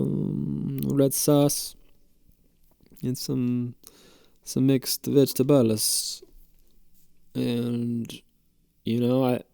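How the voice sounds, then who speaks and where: A man with a gravelly, mellow voice rambles through a casual story as a podcast host. He jokes and swears freely. The sound is dry and close. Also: mid-range voice, no echo. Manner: rambling, profane and jokey.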